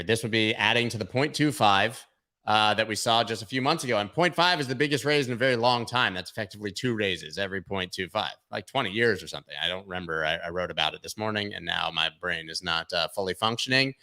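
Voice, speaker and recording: A man's voice: lowish voice, fast, pushed and bright. A man hosting a casual market livestream, talking loosely with jokes and rambling asides. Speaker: host of a crypto market livestream.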